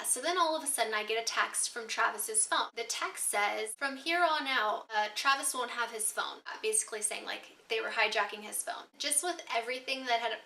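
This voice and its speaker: A woman's voice: on the high side, gravelly, sharp tone, recorded from a distance. A woman in her twenties telling a storytime vlog, candid and upset, swearing freely as she recounts her grievance. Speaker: vlogger. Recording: roomy echo, mic set back.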